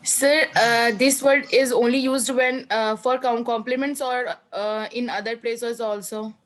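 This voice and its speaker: Woman student on a video call, polite, a bit hesitant, kinda high voice. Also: fairly even intonation, unhurried. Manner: polite, hesitant non-native phrasing. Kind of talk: answering in an online class.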